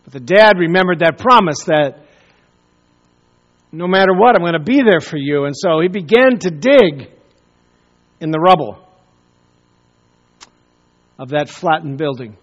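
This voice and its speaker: A man preaching a sermon, telling a story with pauses and repeated words. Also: fairly high pitch, lively intonation, highs cut off. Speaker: pastor.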